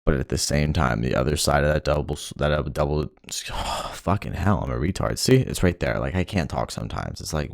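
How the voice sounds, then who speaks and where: Gravelly, very deep-voiced young man ranting. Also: expressive, moderate pace, no echo, studio quality. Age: young adult. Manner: frustrated, profane, rambling. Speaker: vlogger. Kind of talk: ranting monologue.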